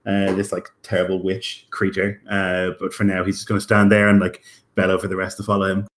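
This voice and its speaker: A man's voice: sits low, monotone, a little fast. A man playing a tabletop game, casually describing his character's moves and dice rolls. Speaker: player.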